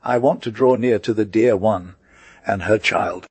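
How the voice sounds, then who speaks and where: A man voicing a grief-stricken, remorseful older stepmother in an audiobook, in a low, dry voice. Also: a little slow, slightly rough, no room sound. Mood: urgent. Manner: emotional, pleading. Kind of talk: audiobook character reading.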